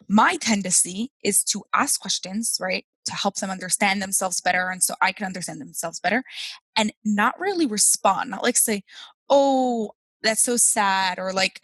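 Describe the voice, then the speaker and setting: A woman's voice: mid-range voice, a bit bright, dry recording, rough recording. A woman hosting a podcast, chatting casually, asking questions and laughing easily, with a lot of "like" in her speech. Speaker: podcast host. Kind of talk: casual interview chat.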